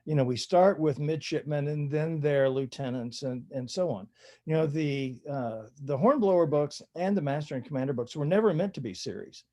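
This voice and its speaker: An older man with a dark, mellow voice, telling stories as a guest on an interview podcast. He talks in a loose, chatty way, pokes fun at himself and laughs at his own anecdotes. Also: fairly high pitch, normal speed, dull audio. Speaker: author guest. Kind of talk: relaxed storytelling interview.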